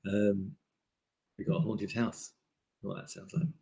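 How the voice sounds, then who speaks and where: Aussie guy livestreaming gear, low husky gravelly voice, rambly w/ lots of ums. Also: level tone, takes it slowly, warm tone. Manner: chatty, rambling, lots of fillers. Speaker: live stream host. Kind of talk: casual live stream product walkthrough. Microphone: desk microphone on a table stand.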